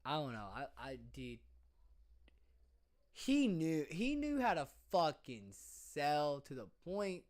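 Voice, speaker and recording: This young man co-hosts a casual podcast while tipsy, and his voice sits on the high side, very animated yet slow and a little mellow. His drunk chat rambles, full of fillers, restarts and swearing.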